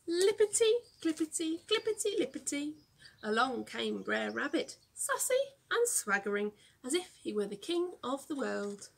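Gentle young woman teacher reading to children; gravelly, husky voice. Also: a little high, sing-song, a little slow, hardly any pauses.

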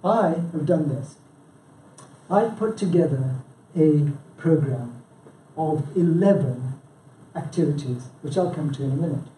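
Speaking unhurriedly in a fairly high, dark voice, this man leads a local branch gathering, quizzing listeners during a loose, talkative presentation full of restarts, "yeah?" and "you know". The echoey meeting room has a live audience, the mic is distant, and there's slight background noise.

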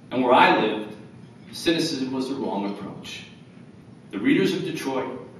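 A man's voice: mid-range voice, a bit bright, a little hiss or hum. A man in his fifties giving an earnest award acceptance speech with wry humor. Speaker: award recipient. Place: large hotel ballroom. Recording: echoey ballroom from far off.

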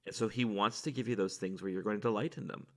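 A man's voice: lowish voice, quick pace. A man, a priest, speaking reflectively and earnestly in a podcast chat, often restarting his sentences. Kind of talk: casual chat.

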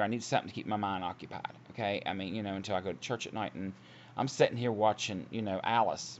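Earnest low-voiced man preaching at home. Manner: earnest, rambling, many restarts. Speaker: online Christian video preacher. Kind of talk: casual preaching monologue. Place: at home, seated. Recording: dull lo-fi audio with faint hiss.

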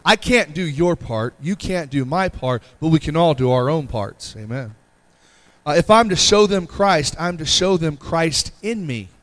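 A middle-aged pastor preaching a sermon in an earnest, repetitive way, pleading with the congregation and often asking "Amen?". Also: male voice, on the high side, lively intonation, a little slow.

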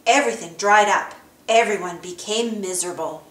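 A woman narrating a children's storybook aloud in an expressive storytelling manner. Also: mid-range voice, normal speed, echoey room. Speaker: storybook reader.

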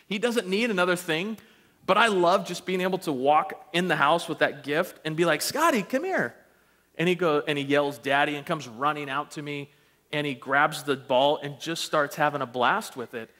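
A man preaching a storytelling sermon, animated and self-deprecating, acting out the voices in his stories. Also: a little high, moderate pace. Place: church sanctuary. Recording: long church reverb.

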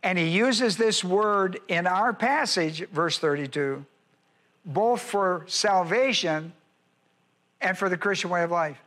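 A male pastor teaching a Bible study, repeating key phrases and slowing down to stress words. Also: high-pitched, expressive, a bit bright.

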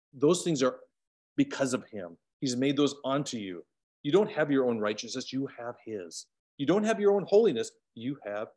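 A man runs an online Bible study via video call, his delivery animated and swinging from loud, stressed bursts to quiet asides. His voice is of medium pitch.

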